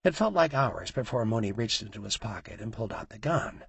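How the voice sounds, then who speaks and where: A man narrating an audiobook with a raspy, gravelly voice. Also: on the low side, sing-song, fairly quick, no echo.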